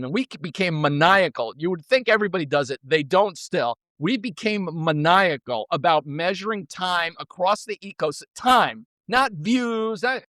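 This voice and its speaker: A man in a podcast interview, telling stories in an energetic, blunt way and swearing freely. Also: sits high, normal speed, few pauses, no room sound. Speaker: podcast guest, former co-CEO. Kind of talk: casual storytelling.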